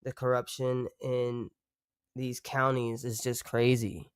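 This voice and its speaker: A man's voice: medium pitch, little pitch movement, slow pace, clean tone, no room sound, studio quality. A man streaming live, chatting casually and rambling, swearing freely and breaking off to talk to his dog.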